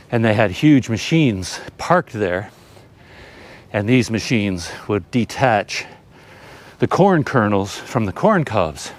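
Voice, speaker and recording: Out-of-breath man vlogging uphill. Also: lowish voice. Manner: rambling, self-deprecating. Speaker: travel vlogger. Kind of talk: casual vlog talk while hiking. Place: outdoors on a hill trail. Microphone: handheld camera.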